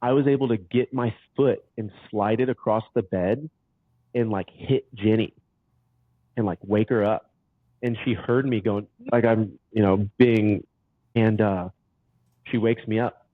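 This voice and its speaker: A man telling stories as a podcast guest in casual conversation, animated and saying "dude" a lot. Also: fairly low pitch, measured pace, pauses often, dry recording. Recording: tinny phone-like line, dry.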